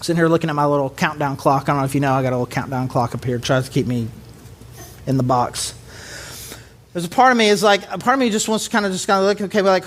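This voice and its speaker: A man with a high speaking voice delivers a relaxed, conversational sermon. He talks like he is chatting with the room, slips easily into acted-out quotes, and slows down to stress his main points. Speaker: pastor.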